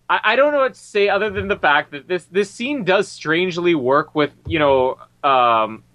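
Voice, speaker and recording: A man in a casual film review chat, animated and laughing often. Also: no echo. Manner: animated, laughs often, quotes lines in a higher voice. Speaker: podcast co-host.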